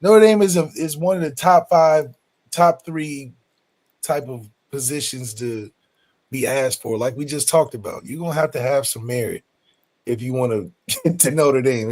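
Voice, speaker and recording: Male podcast host, medium pitch; dry, deadpan trolling delivery. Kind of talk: casual sports banter.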